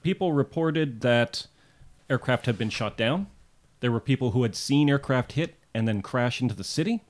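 A man co-hosting a history podcast, telling the story in a measured way and reading out quotes and details. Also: medium pitch, lively intonation. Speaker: podcast co-host.

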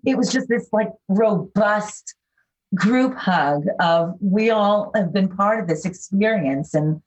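An older actress with a faint New York accent, chatting warmly and enthusiastically as a guest, with lots of fillers. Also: female voice, medium pitch, animated, takes it slowly. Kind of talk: casual interview chat. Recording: dull, lo-fi sound.

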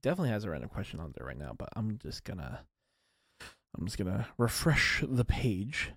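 Young male podcast host, low gravelly voice, swinging pitch, rambling and self-mocking, close dry mic. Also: very animated, brisk, a bit bright, no echo. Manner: rambling, self-deprecating, many fillers and restarts. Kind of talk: casual solo podcast chat.

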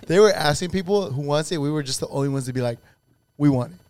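Animated man co-hosting a chatty podcast, dry mic. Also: fairly high pitch, fast talker, no room sound. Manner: animated, laughing, interrupting. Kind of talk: casual storytelling chat.

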